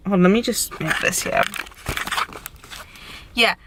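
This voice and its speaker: Standing by a road as cars pass faintly in the background, a young vlogger and recovery coach gives candid, supportive advice, casual and occasionally profane. Her voice is mid-range, unhurried and a bit bright, though the audio is poor.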